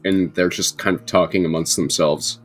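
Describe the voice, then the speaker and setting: A man narrating as game master in a tabletop game, in a relaxed, hesitant manner with lots of ums. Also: deep voice, moderate pace, soft background music. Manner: relaxed, hesitant, many fillers.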